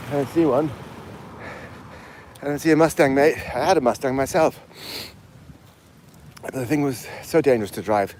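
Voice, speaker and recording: Out of breath on an uphill outdoor walk, a man in his fifties from England, with a mixed English accent, rambles through a casual live stream and answers viewers' chat comments aloud. His mid-range voice is a little mellow and moves at a moderate pace, pausing often. A little hiss or hum can be heard.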